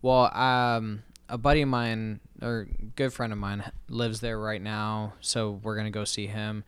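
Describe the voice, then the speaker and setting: A man's voice: lowish voice, flat delivery, unhurried, clear, resonant tone. A man co-hosting a casual podcast, teasing his partner and laughing often. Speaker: podcast co-host. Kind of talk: casual chat.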